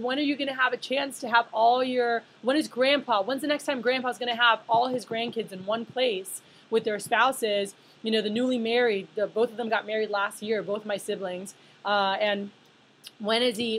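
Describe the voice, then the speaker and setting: Speaking at a conference on leadership, this thirties-aged woman keeps things conversational, leans on filler words, and quizzes the room. Her pitch is fairly high and her tone fairly bright. The audio is rough and carries a bit of background noise.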